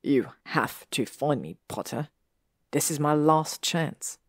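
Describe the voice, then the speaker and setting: A woman voicing a haunted, pleading young man in a read-aloud audiobook story, speaking slowly and quietly. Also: low-pitched, animated, no echo, clean studio sound, exaggerated voice. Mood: haunted urgent. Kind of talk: audiobook reading of fan fiction.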